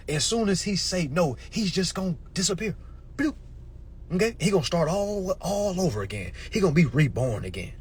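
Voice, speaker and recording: A man delivering a casual, preachy rant to his viewers, swearing freely, tagging his points with "all right?" and swinging between murmurs and shouts. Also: sits high, very animated, moderate pace, breathy edge. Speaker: social media commentator. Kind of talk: casual ranting monologue.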